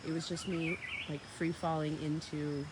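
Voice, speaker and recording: A woman's voice: low-pitched, little pitch movement, normal speed, background noise. Chatty woman vlogging outdoors. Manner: chatty, spiritual, playfully talks to dogs. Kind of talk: casual vlog chat to viewers.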